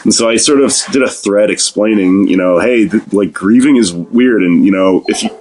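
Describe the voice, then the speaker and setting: A man chatting as a podcast guest in a slightly low voice. He rambles, swears freely and breaks into laughter as he talks things through. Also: normal speed, darkish tone. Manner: rambling, profane, laughs often. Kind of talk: casual podcast conversation.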